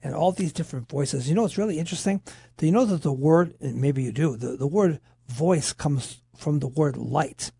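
Co-hosting a Christian radio talk show, a pastor teaches animatedly from scripture and quotes its voices. His voice is a little high and creaky with a breathy edge, and he speaks at a moderate pace.

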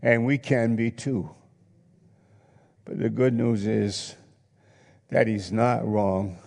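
A man's voice: fairly low pitch, steady tone, slow, vocal fry, darkish tone. A male pastor preaching a sermon, earnest and reflective, reading scripture aloud in a church hall. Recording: long reverb in a hall.

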